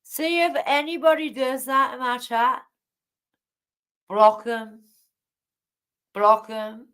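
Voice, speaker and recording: A woman's voice: a little high, fairly even intonation, slow, a bit bright, clear, resonant tone. A woman hosting a late-night livestream from home, rambling and indignant as she chats to her viewers and greets them by name. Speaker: livestream host. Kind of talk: casual livestream chat to viewers.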